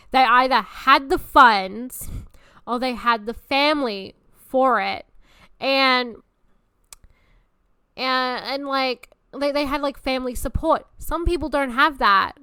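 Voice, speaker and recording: Blunt, bright-voiced young woman. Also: high-pitched, smooth, no echo, clean studio sound. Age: 20s. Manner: blunt, profane and animated. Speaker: podcast host. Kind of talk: casual chat.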